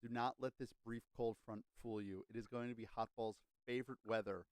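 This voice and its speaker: A man's voice: medium pitch, fairly even intonation, a little fast, clear, resonant tone, no room sound. A man co-hosting a casual sports chat, upbeat and easily laughing, reading sponsor spots.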